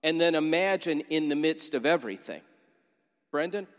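A fairly high-voiced man preaches a sermon, painting a scene and inviting the congregation to imagine themselves in it. His voice rings out with a long reverb through a church sanctuary. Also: brisk. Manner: vivid storytelling, inviting listeners to imagine. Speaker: pastor.

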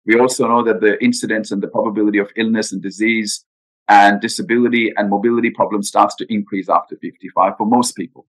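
A man's voice: fairly low pitch, fairly bright tone, low-quality recording. A man talking in an interview about retirement planning, earnest and emphatic, with frequent rhetorical questions. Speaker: guest financial adviser. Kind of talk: podcast interview.

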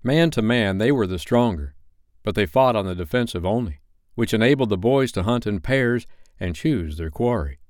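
Lively, expressive male storyteller. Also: lowish voice, normal speed, no room sound, clean studio sound. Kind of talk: audiobook narration.

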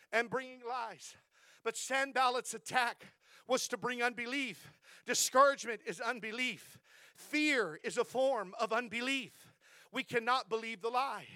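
High-voiced fervent preaching pastor. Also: male voice, dry recording, studio quality. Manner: fervent preaching with repeated amens; rising to impassioned, louder stretches. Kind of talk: sermon. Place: church.

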